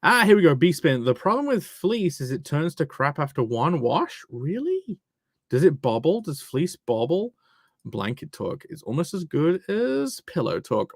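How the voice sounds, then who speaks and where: A man rambles through a live stream, reading viewer messages and joking as he goes. His voice sits a bit high and swings a lot in pitch, with a gravelly edge. The sound is dry and close. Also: sing-song, measured pace, no room sound. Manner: rambling, jokey, swears freely.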